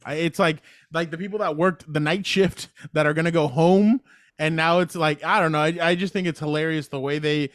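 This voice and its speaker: A man's voice: on the high side, fairly even intonation, fairly quick, a bit bright, no echo, studio quality. A man in his thirties co-hosting a podcast, chatting casually, rambling and laughing easily. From Latino American. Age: 30s. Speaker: podcast co-host. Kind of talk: casual chat.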